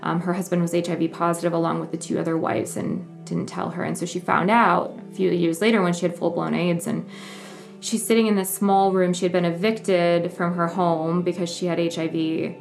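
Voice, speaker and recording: Earnest young woman, low gravelly voice. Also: little pitch movement, faint music behind. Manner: earnest, emotional, halting with restarts. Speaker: journalist. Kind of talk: personal storytelling interview.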